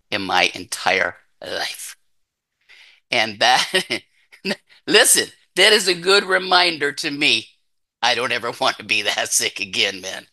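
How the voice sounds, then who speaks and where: A man giving a raw, blunt, heavily profane recovery testimony that swings between intense outbursts and hushed confession. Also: lowish voice. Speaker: recovering addict sharing his story.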